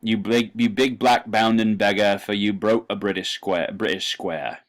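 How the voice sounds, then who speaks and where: A man's voice: on the low side, steady tone, normal speed, natural voice. A man putting on a drunk Cockney reciter. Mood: rousing. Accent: put-on Cockney.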